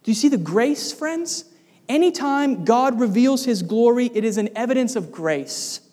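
High-voiced preacher in an echoing hall. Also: male voice, lively intonation, normal speed, a little mellow. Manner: emphatic, rhetorical questions to the congregation. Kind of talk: sermon. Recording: long reverb of a large hall.

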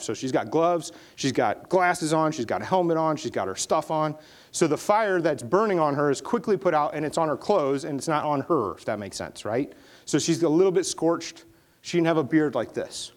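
A middle-aged male pastor telling a war story in a conversational sermon, building to impassioned preaching. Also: a little high.

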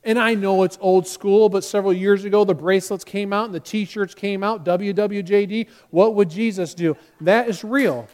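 A man preaching a sermon as pastor, his voice sitting high for a man. He delivers it with animation and slips into the voices of the people he quotes. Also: steady tone, moderate pace, hardly any pauses, darkish tone.

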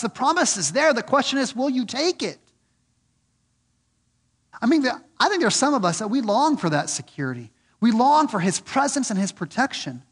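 A man preaching a sermon, earnest and repeating questions for emphasis, swinging from loud and lifted on key points to low and soft. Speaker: pastor.

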